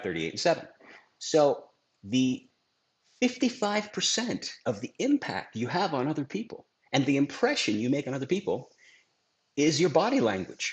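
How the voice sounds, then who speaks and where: A middle-aged man teaching a scripted video lesson on influence as a trainer, emphatic and asking rhetorical questions. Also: medium pitch. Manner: lively, emphatic presenter who asks rhetorical questions. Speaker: sales trainer.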